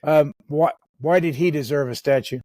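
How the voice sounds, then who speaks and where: A man's voice: fairly high pitch, moderate pace, darkish tone, no room sound, clean studio sound. A man hosting a podcast, asking direct conversational questions. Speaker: podcast host. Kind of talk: interview questions.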